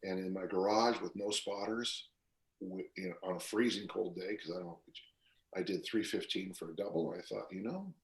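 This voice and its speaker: A man's voice: low-pitched, steady tone, moderate pace. A man in his sixties, a strength coach talking as a podcast guest in a loose, rambling storytelling way, full of fillers and restarts. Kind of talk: casual podcast interview. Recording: roomy echo.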